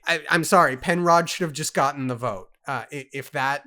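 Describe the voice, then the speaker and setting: A man's voice: fairly high pitch, brisk, pushed and bright. Emphatic man reading and chatting. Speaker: co-host reading a book aloud. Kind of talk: casual book club chat and reading aloud.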